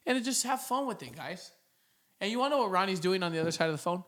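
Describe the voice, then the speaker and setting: A man's voice: sits high, lively intonation, quick pace, a bit bright. Playful man acting out sales voicemails. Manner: playful, acts out his own voicemails. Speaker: podcast co-host. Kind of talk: casual podcast coaching talk.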